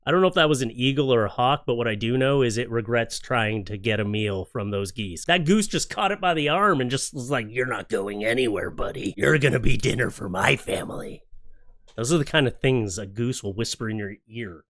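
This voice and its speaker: This YouTube reaction host talks briskly with hardly any pauses, his medium-pitched voice animated and a bit bright. He rants about clips in a casual, sarcastic, jokey way, acting out quotes with exaggeration.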